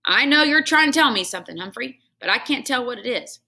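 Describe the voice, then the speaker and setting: A hearty, booming night janitor who cracks jokes and chats away to a class pet, put on by a woman reading a children's book aloud. The voice is bright and lively, with a gravelly edge underneath. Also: fast, heavily acted. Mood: jolly, teasing. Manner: hearty, joking, boisterous.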